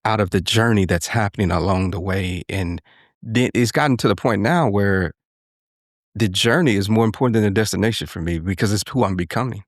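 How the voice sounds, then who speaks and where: A low-pitched man talking through ideas as a podcast co-host, earnest and unhurried in tone, tagging his points with "right?" and "you know". His voice sounds dry and close, with no room echo. It fits a relaxed conversation with a co-host. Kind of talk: reflective casual conversation.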